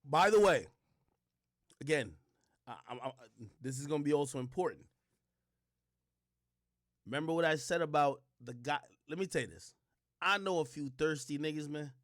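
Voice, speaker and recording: A man's voice: on the high side, normal speed, long pauses, dry recording, studio quality. A man streaming a reaction, commenting at length on a clip and explaining with frequent restarts. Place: streaming setup.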